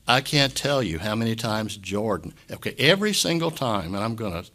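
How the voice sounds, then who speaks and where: A man pastor giving an impromptu sermon, earnest and emotional, halting often to clear his throat. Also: on the low side, very animated, bright, forceful tone.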